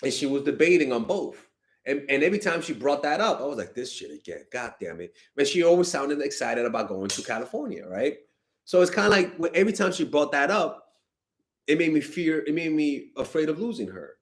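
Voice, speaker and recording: A young man giving blunt, animated dating advice to fans in a casual stream, swearing freely and sounding exasperated. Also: fairly high pitch, brisk. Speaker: dating coach answering fan questions.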